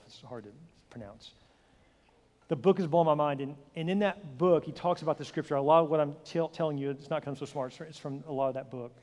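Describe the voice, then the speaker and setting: A pastor in his forties preaching a sermon, telling stories with acted-out dialogue and lively delivery. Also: medium pitch. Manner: animated storytelling, acts out dialogue with shifting voice. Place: large church hall. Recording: hall reverb.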